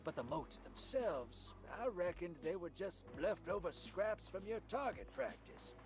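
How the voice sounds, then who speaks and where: Drifter, a slow, drawling rogue. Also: male voice, sits high, very animated, exaggerated voice. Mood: sly. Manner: folksy, slangy drawl. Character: roguish, drawling male drifter, middle-aged and shady. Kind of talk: game cutscene dialogue. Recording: game audio over loud music. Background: game score music.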